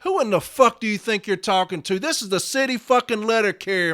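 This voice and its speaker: A man's voice: high-pitched, expressive, brisk, fairly bright tone. A man in his fifties, a podcast host and letter carrier, delivering a furious, profane, confrontational rant. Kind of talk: angry rant.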